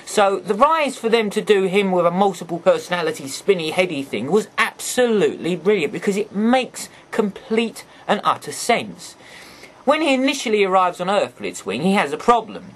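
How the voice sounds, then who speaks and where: Male toy reviewer, chatty and rambling, animated pitch, jokey apologies. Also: moderate pace.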